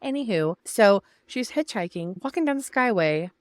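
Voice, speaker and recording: A woman's voice: mid-range voice, lively intonation, normal speed, dry recording. An older woman telling a personal story to camera in a chatty, emotional way, talking straight to her viewers. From Northern California. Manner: chatty and emotional, addresses viewers as "you guys" and "y'all". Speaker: vlogger.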